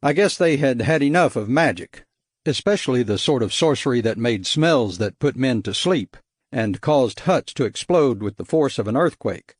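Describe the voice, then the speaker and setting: A man narrating an adventure audiobook in the first person with lively storytelling. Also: mid-range voice, normal speed, slightly rough, no echo, clean studio sound. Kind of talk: scripted narration.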